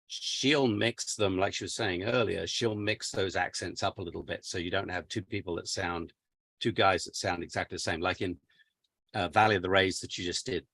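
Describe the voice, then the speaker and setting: An English man, an audiobook narrator, chatting casually and relaxed, with plenty of fillers. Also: low-pitched, no echo. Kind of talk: casual conversation.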